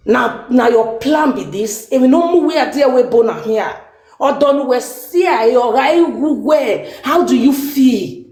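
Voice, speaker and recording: A woman's voice: sits high, a little slow, a little mellow. Earnest Nigerian woman pleading in an echoey room. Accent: Nigerian Pidgin English. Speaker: guest giving advice. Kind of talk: impassioned advice on a live stream.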